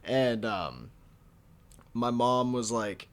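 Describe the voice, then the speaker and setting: A man's voice: medium pitch, animated, drawn-out words. A young man in his early twenties telling a story from his teens in a casual, profane, laughing way, full of slang. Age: young adult. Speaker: vlogger.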